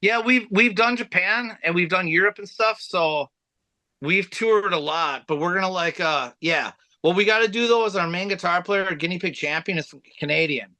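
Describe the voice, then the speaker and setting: A man with a high, bright voice tells loose, rambling tour stories and laughs his way through them. His voice has a pointed edge, and the sound is dry with no room tone. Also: normal speed, no echo. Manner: rambling, laughs while telling road stories. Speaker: band vocalist, guest. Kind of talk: casual storytelling.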